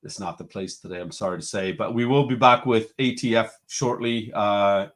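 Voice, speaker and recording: At a normal pace and a somewhat low pitch, the man hosts a casual home live-stream from a computer room. He greets each chat viewer in turn, sounding cheerful.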